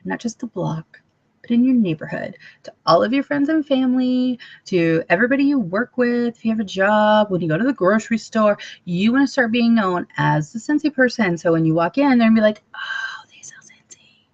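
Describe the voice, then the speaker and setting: A woman's voice: on the high side, lively intonation, a little fast, darkish tone. A woman giving a casual training talk to fellow sales consultants, bubbly and chatty, with lots of ums. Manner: bubbly and chatty, with filler ums and sudden playful voices. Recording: dull lo-fi recording.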